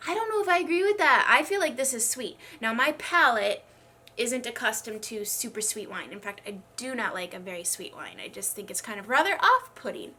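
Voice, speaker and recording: Young woman, casual makeup chat, congested, bright and fairly high voice, rambling. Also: very animated, a little fast. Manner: chatty, self-deprecating, rambling. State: congested, struggling to speak. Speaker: beauty vlogger. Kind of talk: casual get-ready-with-me chat.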